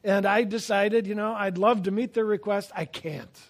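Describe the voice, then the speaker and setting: A man preaching a sermon, telling stories with self-deprecating humor and swinging between loud emphasis and quiet asides. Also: high-pitched, fairly even intonation, moderate pace. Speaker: pastor.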